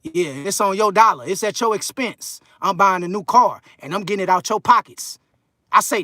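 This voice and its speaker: The recording is studio-clean with no room sound: a man in his thirties reads out viewer comments during a loose, slangy, filler-laden livestream. He speaks at a moderate pace in a high, sharp-toned voice.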